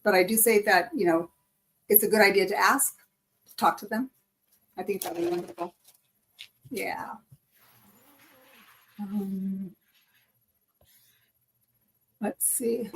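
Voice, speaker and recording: A woman hosting a live spiritual chat stream, telling a personal story in an animated way. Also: medium pitch, takes it slowly, gravelly, pauses often. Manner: animated storytelling, acts out quoted speech. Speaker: host. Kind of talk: casual chat.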